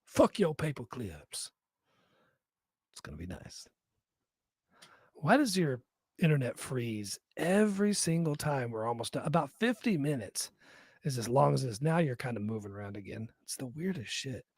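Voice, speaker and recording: A man's voice: medium pitch, big pitch swings, normal speed, a little mellow, husky, dry recording. A man co-hosting a live podcast, chatting casually and joking with plenty of swearing. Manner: profane, rambling, joking. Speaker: podcast co-host.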